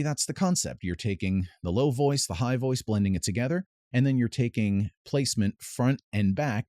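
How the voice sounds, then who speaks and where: A man's voice: fairly low pitch, darkish tone, dry recording, studio quality. A man giving a casual singing lesson as a vocal coach, explaining technique in a pedantic way with short sung demonstrations. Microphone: close mic with added reverb at times.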